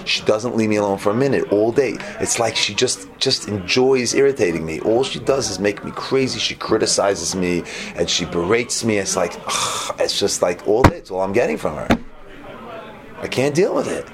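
A man's voice: lowish voice, expressive, moderate pace, crowd noise, pitched below the performer's own voice. Man putting on a whiny, henpecked Hasidic husband. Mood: exasperated. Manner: complaining, whiny and exasperated.

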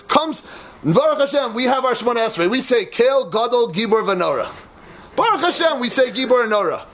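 A man giving a dramatic, impassioned Torah lecture that at times rises to shouting. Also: very high-pitched.

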